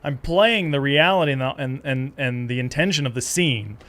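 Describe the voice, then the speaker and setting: A middle-aged man chatting casually as a guest, telling lively stories and slipping into character voices. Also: moderate pace. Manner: animated storytelling, jumps into high-pitched character voices. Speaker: guest, comedic actor. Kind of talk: casual chat.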